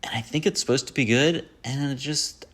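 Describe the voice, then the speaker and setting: A man with a mid-range, fairly bright voice talks a little fast as he hosts a casual solo movie podcast. He rambles, pokes fun at himself about his favorite films, and quotes lines from them.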